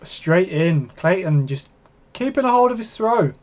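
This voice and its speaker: A man's voice: high voice, animated, a little slow. A man co-hosting a darts watch-along, joking casually and calling scores as they land. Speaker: co-host and darts commentator. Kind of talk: casual chat with live darts calls. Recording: dull lo-fi stream audio.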